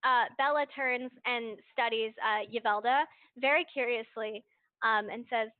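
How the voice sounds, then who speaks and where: High-voiced woman game master on a call. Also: steady tone, unhurried, dry recording. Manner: hesitant, many fillers while narrating. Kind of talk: narrating a tabletop game. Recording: dry, tinny voice-call audio.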